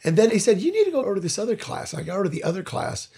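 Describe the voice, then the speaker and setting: An older man who works as a voice actor and director tells stories in a casual interview, acting out the people in his anecdotes with animation. His worn, gravelly voice sits high and races along.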